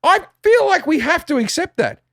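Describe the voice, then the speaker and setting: A man's voice: very high-pitched, sing-song, moderate pace, creaky, a bit bright, no echo, studio quality. An Australian man guesting on a podcast, talking in a blunt, profane, rambling way with lots of restarts. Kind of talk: casual chat.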